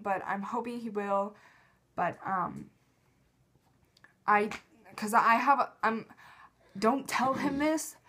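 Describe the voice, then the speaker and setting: A woman's voice: on the high side, a bit bright. Rambling emotional woman vlogging. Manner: rambling, emotional, self-critical. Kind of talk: casual confessional vlog.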